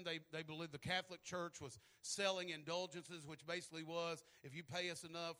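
A man preaching a sermon who tells stories in a low voice, then builds to shouting, often repeating words as he starts phrases.

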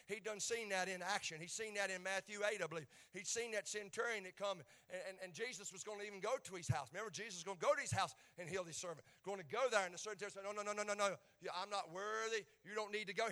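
A middle-aged man with an Appalachian accent preaching a sermon in a folksy way, dropping to quiet asides and building up to shouted peaks. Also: high-pitched, fast talker, hardly any pauses. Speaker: pastor.

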